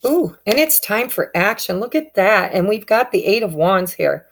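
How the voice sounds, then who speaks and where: A woman's voice: mid-range voice, very animated, normal speed, slight background noise. A woman giving a casual tarot reading, speaking straight to her viewers in an upbeat, encouraging way. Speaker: tarot reader.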